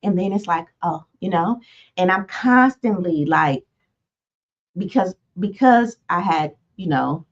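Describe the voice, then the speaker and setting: A woman in her forties leads a motivational self-help talk in a soft, gentle tone. She speaks conversationally, wandering into asides and fillers as she goes. The audio is a little dull and lo-fi. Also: on the low side, animated, a little slow. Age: 40s. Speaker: self-help podcast host.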